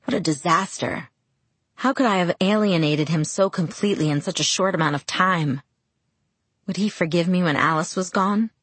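A woman reads a first-person story aloud in a steady, reflective manner. Her voice is somewhat low and husky, recorded close and dry. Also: moderate pace, dry recording. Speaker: audiobook narrator. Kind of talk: first-person audiobook narration.

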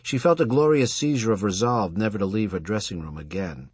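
Husky male audiobook narrator. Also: fairly low pitch, no echo. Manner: measured, expressive storytelling. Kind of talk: scripted narration.

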